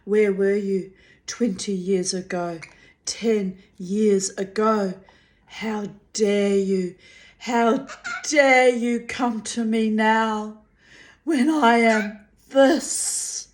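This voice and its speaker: A woman voicing a weary, bitter woman in a storybook reading, shrill and scolding, her voice cracking. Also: level tone, measured pace, darkish tone, natural voice. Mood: anguished.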